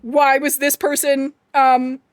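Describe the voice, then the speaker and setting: A young woman chatting casually to her live stream viewers, with a high, bright-pitched voice. The sound is dry and close, with no room around it. She talks animatedly, laughs often and rants with emphasis. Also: little pitch movement, takes it slowly, no echo.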